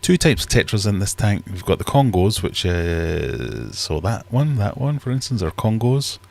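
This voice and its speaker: Deep-voiced Scottish man chatting casually. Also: big pitch swings, normal speed, gravelly. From Scotland. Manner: rambling, chatty and self-deprecating. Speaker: livestream host. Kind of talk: casual live-stream chat. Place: home fish room.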